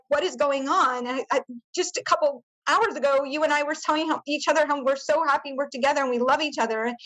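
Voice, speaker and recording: A woman's voice: high-pitched, a bit bright, poor audio. A woman from the United States, a podcast guest telling her own story in an earnest, searching way, with many fillers and restarts. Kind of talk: personal storytelling in an interview.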